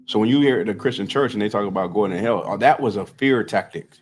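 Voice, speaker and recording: A man's voice: fairly low pitch, fast. Male scripture teacher, casual and talkative, keeps asking if the group follows. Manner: loose and talkative, constantly checking in with listeners. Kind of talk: conversational street-style scripture teaching.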